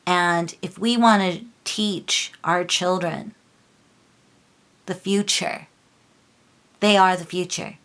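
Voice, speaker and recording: Woman, tarot reader, lowish voice, impassioned and scolding monologue. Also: fairly even intonation, takes it slowly, long pauses, a bit bright. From Los Angeles. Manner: impassioned, scolding, lots of filler and restarts.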